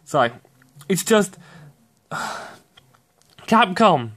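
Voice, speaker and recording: A young man giving profane, ranting commentary on video games, excitable and quick to burst out shouting. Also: sits high. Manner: excitable, swears often, sudden shouty outbursts. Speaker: gaming commentator.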